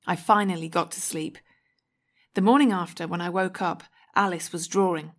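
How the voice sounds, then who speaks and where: A woman's voice: fairly low pitch, steady tone, normal speed. Woman reading a first-person story aloud. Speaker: audiobook reader. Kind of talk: first-person audiobook narration.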